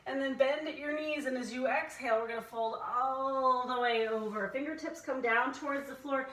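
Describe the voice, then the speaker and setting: A woman's voice: sits high, normal speed, a bit bright, reverberant, far from the mic, rough recording. A woman instructor guiding a family yoga class, playfully cueing breaths and inviting animal sounds.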